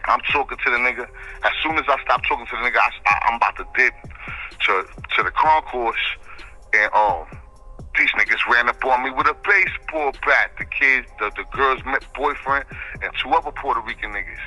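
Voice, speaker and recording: Bright-voiced man. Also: mid-range voice, a little fast, soft background music, low-quality recording. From the Bronx, New York. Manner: slangy, rambling, keeps asking "you know what I'm saying". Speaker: interview guest. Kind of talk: street storytelling.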